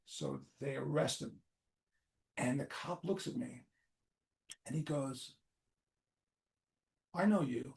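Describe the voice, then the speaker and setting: Older new york guy, gravelly dark voice, telling stories loud and swearing, does everyone's voices. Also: medium pitch, unhurried, pauses often. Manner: animated, swears freely, acts out quoted voices. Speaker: podcast host. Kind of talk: casual storytelling. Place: apartment.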